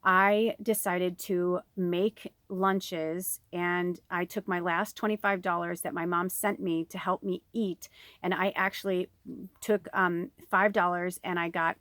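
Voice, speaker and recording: A woman's voice: lowish voice, level tone, unhurried, fairly bright tone, no echo. A woman in her forties, a tarot reader from Chicago, rambling emotionally through a personal story with plenty of swearing, recorded inside an RV. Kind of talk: casual storytelling to viewers.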